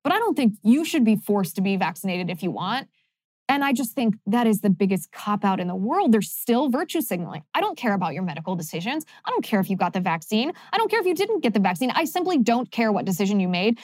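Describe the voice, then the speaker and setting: A woman's voice: on the high side, darkish tone, no room sound. Young woman podcast host ranting, sarcastic and punchy, dry close sound. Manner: sarcastic, emphatic. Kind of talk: opinionated commentary monologue.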